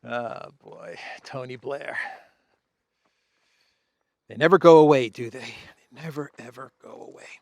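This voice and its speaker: Out among the trees, a host who grew up in Greece delivers relaxed solo commentary, drawling with sarcasm and slipping in laughing asides. He has a gravelly, medium-pitched voice, captured at studio quality without echo.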